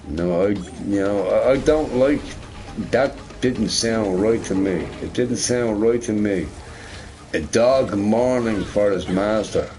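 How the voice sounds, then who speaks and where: A man with a fairly low voice chats loosely while he plays a game. He rambles and repeats phrases, and he swears casually. He keeps checking in with "you know, right?". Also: a little mellow, a little hiss or hum. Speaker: gamer recording gameplay. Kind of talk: casual storytelling over gameplay.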